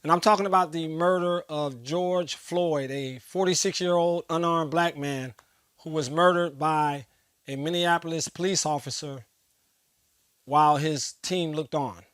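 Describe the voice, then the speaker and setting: Man, high voice, passionate address to viewers, repeats phrases like a preacher, dry close sound. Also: steady tone, a little slow, fairly bright tone, no room sound. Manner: preacher-like, emphatic repetition. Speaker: host. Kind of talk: impassioned monologue to camera.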